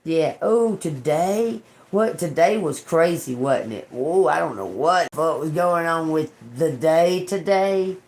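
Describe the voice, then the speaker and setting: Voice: medium pitch, unhurried, hardly any pauses, darkish tone. A tarot reader, rambling in casual livestream chat, laughing often and swearing heavily.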